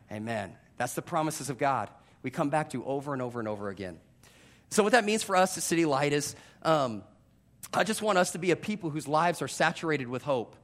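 Animated high-voiced preacher. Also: male voice. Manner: animated, self-deprecating storytelling with direct audience address. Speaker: pastor. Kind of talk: sermon.

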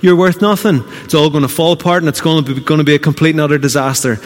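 A man's voice: a little high, steady tone, quick pace, pitched above the performer's own voice, natural voice. A man voicing a scornful, taunting male tempter in a sermon. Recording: long reverb of a church hall.

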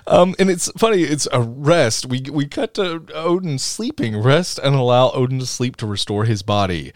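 Animated, laughing male podcast co-host. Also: mid-range voice, unhurried, few pauses, no echo, studio quality. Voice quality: animated, laughing often, quoting scenes in goofy voices. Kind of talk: casual chat.

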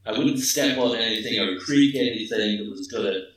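A man playing a tabletop game, speaking hesitantly and deliberately about his character's actions. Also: fairly low pitch, a bit bright. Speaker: player. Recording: echoey, distant mic.

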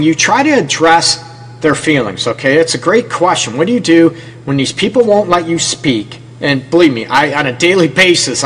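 A man's voice: mid-range voice, fairly bright tone, slight background noise, poor audio. Earnest male radio advice host. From Detroit area. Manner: earnest, repeats "okay?" to check in. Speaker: radio show host and counselor.

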